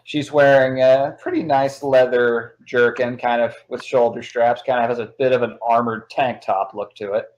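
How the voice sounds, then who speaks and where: A man narrating as game master of a tabletop game, relaxed and quick to laugh. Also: mid-range voice, dull audio. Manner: relaxed, laughs easily, casual asides.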